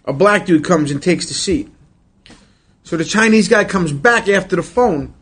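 A husky man from New York tells gritty anecdotes in loose podcast talk. He swears constantly and acts out the voices of people in his stories. His voice sits a little high for a man. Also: moderate pace. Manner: animated storyteller, swears often, acts out voices. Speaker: podcast host. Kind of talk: casual storytelling chat.

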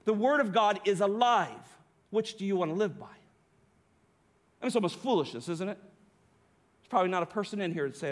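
High-voiced man preaching emphatically. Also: normal speed, pauses often. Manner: emphatic preaching, rhetorical questions, occasional laughs. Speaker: pastor. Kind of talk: sermon.

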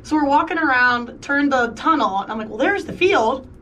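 A woman's voice: high voice, lively intonation, normal speed, a bit bright, distant mic, a little hiss or hum. A woman co-hosting a podcast, telling a story in casual chat and acting out the quoted dialogue. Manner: chatty, acts out quoted dialogue. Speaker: podcast co-host.

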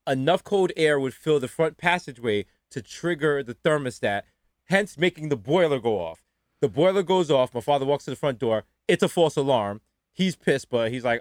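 A man from the Bronx, telling stories on a podcast and jumping into high mocking voices for quotes. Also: no echo, clean studio sound. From the Bronx, New York. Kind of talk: storytelling.

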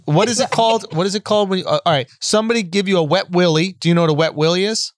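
A man co-hosts a podcast in casual studio banter, playfully spinning out silly hypotheticals for his friends. His voice is very high for a man. The sound is close and dry, with no room echo. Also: racing. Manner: playful, laughs while setting up hypotheticals.

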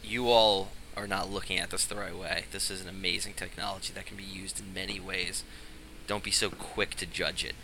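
A man's voice: low voice, level tone, brisk, noisy background. A man playing a wizard in a tabletop game, arguing persuasively for his side. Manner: persuasive, argumentative. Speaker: player as a wizard. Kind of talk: tabletop role-play.

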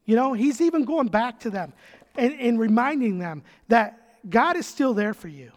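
A man with a strikingly high voice preaches to his church in a relaxed, talky way. He hammers points home by repeating them and breaks off for casual asides. His voice rings with the long reverb of a big hall. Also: normal speed. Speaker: pastor. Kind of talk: conversational sermon.

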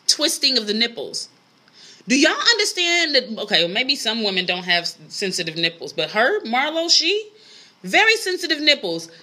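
A woman's voice: high voice, bright, forceful tone. Profane, incredulous woman podcaster. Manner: blunt, profane, incredulous, laughs often. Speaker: podcast host. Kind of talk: casual solo podcast rant.

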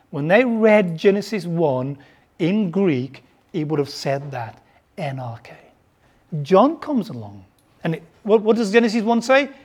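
His voice is medium in pitch and slightly rough, carrying a softened Birmingham accent from his English hometown. As he preaches, he asks the congregation questions and tends to repeat words while thinking.

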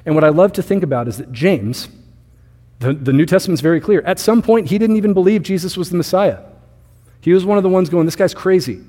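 A man's voice: high voice, fast, dark tone. A man in his thirties preaching a sermon as pastor, talking with the congregation in a conversational way and often asking them questions. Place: church sanctuary. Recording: reverberant church hall.

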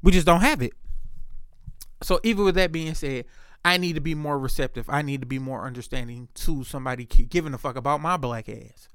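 Man, slightly high voice, casual profane storytelling, dry close sound. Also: fairly quick, a bit bright, clean tone, no echo. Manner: candid, profane storytelling with many fillers. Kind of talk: casual monologue.

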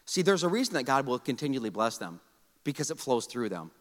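A man preaching a sermon as a pastor in a church, energetic and joking, often calling on the congregation to answer. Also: medium pitch, fairly quick. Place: church sanctuary. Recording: long hall reverb.

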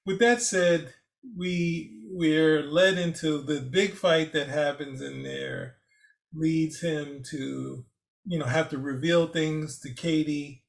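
A man's voice: fairly high pitch, fairly even intonation, takes it slowly, gravelly. A man co-hosting a casual film review show, easygoing and laughing as he talks.

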